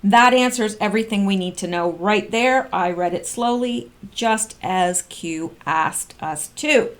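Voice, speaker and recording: A woman reading posts aloud slowly and commenting on them in casual chat, with frequent ums and restarts. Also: medium pitch. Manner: reads slowly and comments with fillers. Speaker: online commentator.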